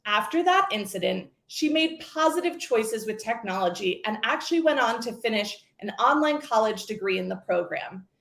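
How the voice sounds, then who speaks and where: A woman in her forties giving a scripted keynote talk, telling stories with lively acted quotes. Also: a little high, moderate pace, creaky, hardly any pauses, roomy sound. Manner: storytelling, expressive with acted quotes. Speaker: keynote speaker.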